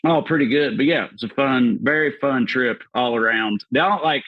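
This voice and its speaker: Southern American male comedian, loose profane storyteller, mid pitch, dry recording. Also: normal speed, no room sound, phone-quality sound. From Southern United States. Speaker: podcast guest, comedian. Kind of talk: casual chat.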